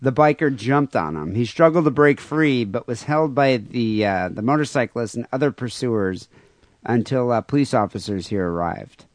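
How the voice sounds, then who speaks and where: A male podcast host with a middle-pitched voice, talking loosely and crudely and stopping often on "uh." The sound is dry and close to the mic. It is casual chat between friends. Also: expressive, moderate pace, dry recording. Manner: rambling, many fillers, crude humor. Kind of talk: casual podcast chat, reading listener mail.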